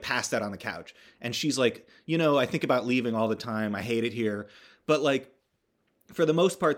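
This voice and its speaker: A young man hosting a podcast, recapping a film in a rambling, sardonic way with lots of fillers and restarts, sometimes swearing for emphasis. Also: mid-range voice. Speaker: podcast host.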